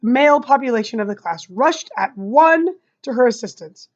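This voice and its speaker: A woman's voice: a little high, animated, moderate pace. A woman reading a novel aloud expressively, adding chatty asides to her listeners. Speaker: reader. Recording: dull lo-fi recording.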